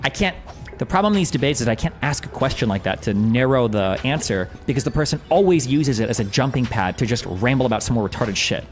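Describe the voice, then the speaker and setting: A man's voice: mid-range voice, animated, quick pace. A man streaming commentary on a debate, talking in a rambling, self-deprecating and profane way. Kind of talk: casual commentary while gaming.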